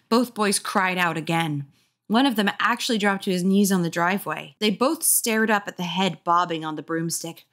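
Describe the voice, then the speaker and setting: A woman's voice: fairly low pitch, fairly bright tone. A young woman reading a kids' horror book aloud while tipsy, tripping over words and adding sarcastic asides. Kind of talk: comedic drunk read-aloud.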